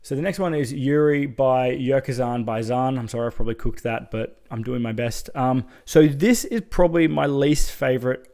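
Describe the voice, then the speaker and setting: Man, mid-pitch, casual horror reviewer, keen and profane, talks straight to camera. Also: normal speed, few pauses, dark tone. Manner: enthusiastic, swears freely, chatty asides. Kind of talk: casual spoken film review.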